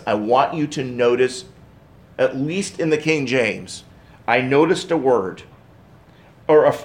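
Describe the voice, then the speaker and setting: Male pastor, higher-pitched, preaching with big dynamic swings, reads scripture aloud. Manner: preaching with dramatic swings from loud emphasis to hushed tones; reads scripture aloud in King James wording. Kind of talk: sermon.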